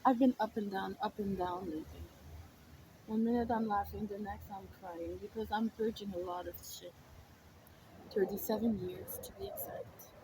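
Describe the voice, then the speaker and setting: A woman in her thirties giving a casual spiritual monologue, wandering between hushed whispers and emphatic declarations. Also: mid-range voice, fairly even intonation, normal speed, slight background noise, rough recording. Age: 30s. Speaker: spiritual content creator.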